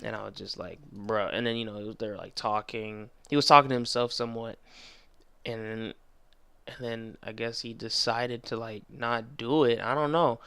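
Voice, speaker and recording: A young man giving a casual anime episode review, excitable and rambling, full of slang and restarts. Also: medium pitch, moderate pace, gravelly, clean tone, dry recording.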